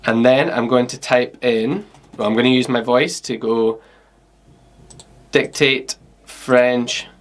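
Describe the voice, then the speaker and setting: A Scottish man giving a relaxed online workshop to pupils, explaining each step in a chatty, instructive way and often filling pauses with okay and um. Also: mid-range voice. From Scotland. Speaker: teacher.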